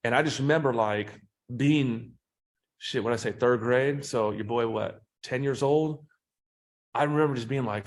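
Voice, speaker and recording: A man talking as a podcast guest and sales trainer, telling profane, animated stories in a casual interview. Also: medium pitch, normal speed.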